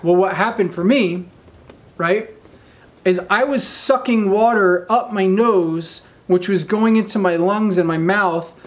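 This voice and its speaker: A man in his thirties telling a story in casual talk, animated and often checking in with his listeners. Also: sits high. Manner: animated, addresses listeners with "right?" and "okay?". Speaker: speaker telling a training story.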